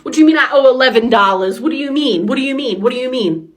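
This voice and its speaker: A woman's voice: high voice, expressive, fast. A young adult woman in a ranting social media clip, indignant and asking the same question over and over.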